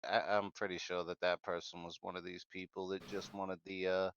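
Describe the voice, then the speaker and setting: A man's voice: sits low, flat delivery, brisk, a bit bright, clear, resonant tone, no echo, dull audio. A man co-hosting a podcast in casual chat, blunt and profane, rambling with lots of fillers. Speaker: podcast co-host.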